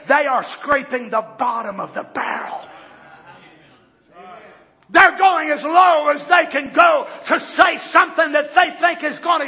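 A male preacher delivering a fiery sermon, moving from quiet explanation to shouting. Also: very high voice, dull audio.

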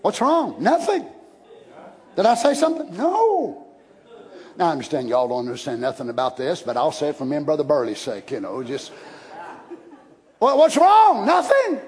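A man preaching a sermon in a folksy, animated way, breaking into shouted passages. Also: mid-range voice, quick pace. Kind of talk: Pentecostal-style sermon.

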